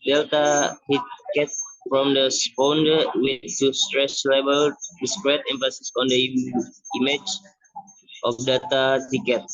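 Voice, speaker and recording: Halting young man presenting class work. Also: medium pitch, a bit bright, dry recording. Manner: halting, restarts words often. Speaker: student presenter. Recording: dull lo-fi recording.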